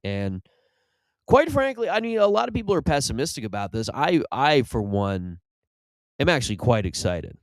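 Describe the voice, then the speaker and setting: A man's voice: mid-range voice, big pitch swings, normal speed, no room sound. A man hosting a comedy podcast, rambling through a casual monologue with restarts and sudden mock-ad bursts. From Irish family background. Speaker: comedian host.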